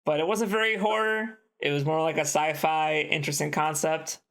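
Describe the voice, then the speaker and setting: A man with a fairly high voice co-hosts a casual podcast. He rambles through film plots in an animated, offhand way and slips in quick quoted lines as he goes. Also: vocal fry. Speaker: podcast co-host. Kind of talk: casual chat.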